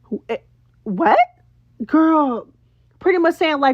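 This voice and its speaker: Woman, reality recap host, sassy, animated, slangy, high-ish voice, lo-fi sound. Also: slow pace, no echo. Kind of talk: casual commentary recap. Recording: dull lo-fi sound.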